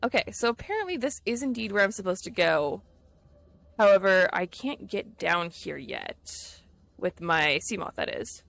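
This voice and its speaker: A woman's voice: medium pitch, sing-song, moderate pace, vocal fry, a bit bright. A woman streaming a video game, chatting casually and laughing easily with her viewers as she plays. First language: English. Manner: chatty, giggly, easily distracted. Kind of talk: casual gameplay chat with viewers.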